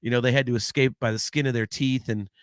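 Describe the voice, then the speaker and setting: A man hosting a casual podcast chat, animated and rambling, swearing freely into a close microphone. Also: mid-range voice, quick pace, dry recording. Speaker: podcast host.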